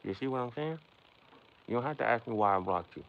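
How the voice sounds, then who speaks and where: A man's voice: medium pitch, animated, quick pace, vocal fry. A man hosting a casual livestream, rambling and philosophizing as he talks straight to his chat. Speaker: livestream host. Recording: dull lo-fi sound with faint background noise.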